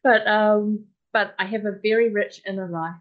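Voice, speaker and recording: A woman's voice: mid-range voice, fairly even intonation, normal speed, phone-quality sound. A New Zealand woman in her forties, a podcast guest talking in a modest, hesitant way. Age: 40s. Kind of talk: casual conversation.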